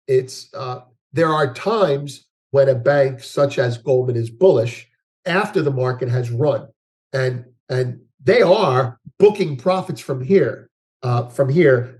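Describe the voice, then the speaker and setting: Male guest analyst, conversational, mid-pitched, rambling with restarts. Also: darkish tone. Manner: rambling with many restarts and fillers. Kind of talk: conversational interview.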